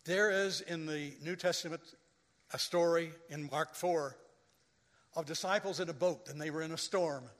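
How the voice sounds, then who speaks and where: A man preaching a sermon as a pastor, telling stories slowly and rising to loud, dramatic quoted lines. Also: a little high. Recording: long hall reverb.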